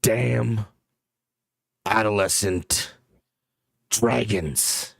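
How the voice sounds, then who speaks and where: A man voicing a gruff male giant of stone and root who scolds in a commanding way. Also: on the low side, very slow, a bit bright, no room sound, clean studio sound, pitched above the performer's own voice, full character voice. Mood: scolding.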